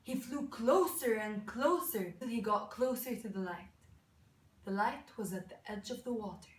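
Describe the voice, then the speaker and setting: A woman telling a folk story aloud, halting and restarting words, asking her listeners questions. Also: fairly high pitch. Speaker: student storyteller. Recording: echoey room, mic far off.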